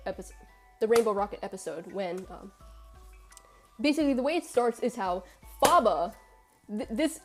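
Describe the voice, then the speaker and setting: A woman streaming a live game reaction, ranting excitably with laughs and swearing. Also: on the high side.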